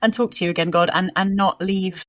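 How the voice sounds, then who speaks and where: Chatty woman podcast host, low-pitched. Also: steady tone, a little fast. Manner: warm, chatty, with a lot of "like" and "you know". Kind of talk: casual podcast interview.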